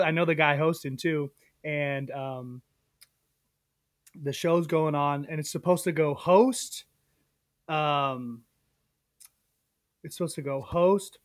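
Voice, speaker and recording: A young man, a podcast co-host and comedian, telling a story in a casual, animated way, full of fillers and acted-out quotes. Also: a little high, dry recording, clean studio sound. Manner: animated, filler-heavy, acts out quoted voices.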